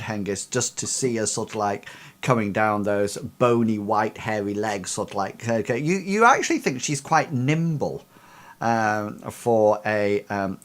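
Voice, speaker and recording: A man narrating a tabletop game as its game master, hedging his descriptions as he goes. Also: lowish voice. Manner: hesitant, lots of fillers and restarts.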